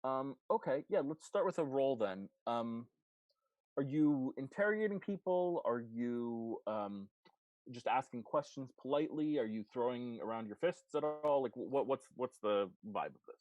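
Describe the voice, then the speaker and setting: A man's voice: mid-range voice, lively intonation, normal speed, darkish tone, no echo, dull audio. A man narrating as game master of a tabletop game, loose and rambling, with many ums and restarts.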